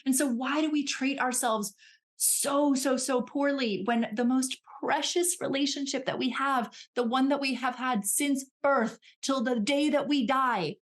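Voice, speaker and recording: A woman coach speaking as a podcast guest, animated and chatty, often acting out little voices in her examples. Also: sits high, a little slow. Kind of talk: casual chat.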